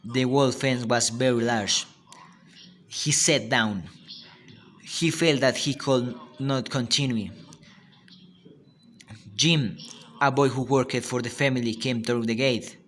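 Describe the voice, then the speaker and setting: A man with a Spanish accent, a native Spanish speaker and a student, reading a story aloud in a halting way with frequent restarts. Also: mid-range voice, a bit bright.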